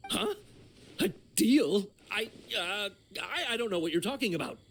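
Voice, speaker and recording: A man's voice: sits high, big pitch swings, normal speed, fairly bright tone, slight background noise, full character voice. A jittery stammering young guy. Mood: nervous. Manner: nervous, stammering, defensive. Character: jittery young man caught in a shady deal. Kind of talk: video game voice acting.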